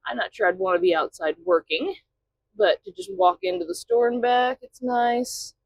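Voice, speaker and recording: A woman's voice: a little high, moderate pace, a little hiss or hum, poor audio. A woman truck driver chatting casually in a vlog from inside her truck cab, often talking to her cat.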